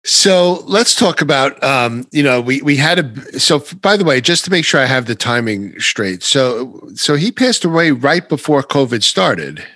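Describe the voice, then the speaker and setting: A male podcast host talking in a casual, animated and emphatic way. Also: medium pitch, a little slow, hardly any pauses, no room sound. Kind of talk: casual conversation.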